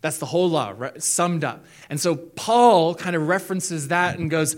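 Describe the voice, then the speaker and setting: A man's voice: a little high, moderate pace, few pauses. A young man preaching a sermon in a casual, jokey way, acting out the quotes he reads. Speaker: pastor.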